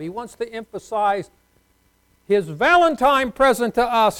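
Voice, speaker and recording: A man preaching a sermon, leading the congregation in call-and-response and swinging between soft asides and loud, emphatic lines. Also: very high-pitched, animated, moderate pace, smooth, low-quality recording. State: unwell.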